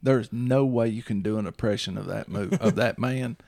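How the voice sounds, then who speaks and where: This host has a lowish, somewhat mellow voice with vocal fry, speaking at normal speed in clean studio audio without echo. His casual chat rambles and repeats, punctuated by "you see what I'm saying" to check the listener keeps up.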